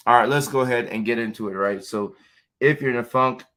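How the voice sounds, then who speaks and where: A man's voice: medium pitch, a little fast. Upbeat man hosting a live stream. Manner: upbeat, warm greetings, frequent fillers. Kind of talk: casual live stream greeting viewers. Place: home in Los Angeles.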